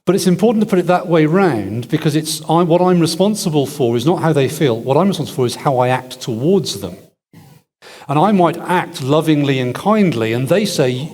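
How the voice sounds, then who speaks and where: Fielding audience questions at a church event, a man speaks at a moderate pace in a rather high, darkish-toned voice with lively intonation. His answers unfold as thinking aloud, full of restarts and wry remarks, recorded in an echoey hall before a large audience.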